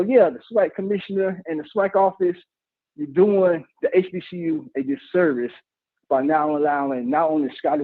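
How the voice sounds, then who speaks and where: Male caller, heated and blunt, tinny phone line, raised pitch. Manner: emotional, blunt, swears, rambling restarts. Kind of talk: heated call-in rant. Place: office cubicle.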